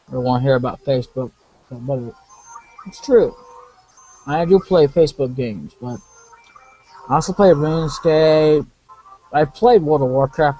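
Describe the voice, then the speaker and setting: A man's voice: medium pitch, warm tone, muffled recording. Rambling man commentating a game. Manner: rambling, self-correcting, off-topic asides. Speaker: let's play commentator. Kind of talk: casual gameplay commentary.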